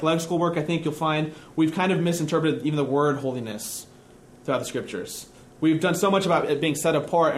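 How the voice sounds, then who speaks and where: Earnest male preacher in an echoey room. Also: a little high. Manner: earnest, conversational teaching with frequent restarts. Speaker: pastor. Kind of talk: sermon.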